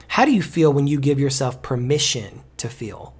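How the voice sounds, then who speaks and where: A man's voice: fairly high pitch, expressive, normal speed, few pauses, a little mellow, husky. A man speaking as a life coach on a podcast, preachy and emphatic, repeating key phrases. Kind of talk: motivational podcast talk.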